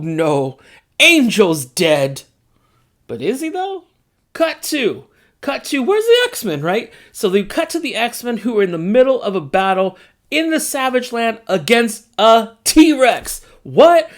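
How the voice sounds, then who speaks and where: A man hosting his own channel, recapping a comic book issue in a casual, animated, joking way and acting out the characters in quick asides. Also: high voice.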